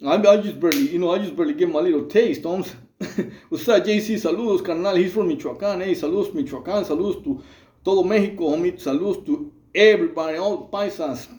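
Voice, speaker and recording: A man's voice: sits high, fast, a little mellow, echoey room. A man hosting his channel, talking in a loose, rambling, streetwise way full of fillers. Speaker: channel host. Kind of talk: casual monologue to camera.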